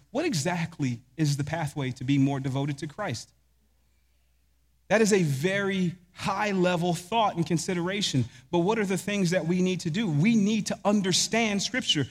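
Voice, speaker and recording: A man's voice: high-pitched, in a large hall. A man preaching a sermon as pastor, asking rhetorical questions and answering them with emphasis.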